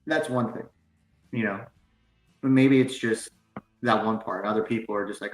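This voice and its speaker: A man's voice: on the low side, steady tone, moderate pace. A male co-host chatting casually and reading news articles aloud, with loose fillers and blunt asides. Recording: roomy echo with faint music.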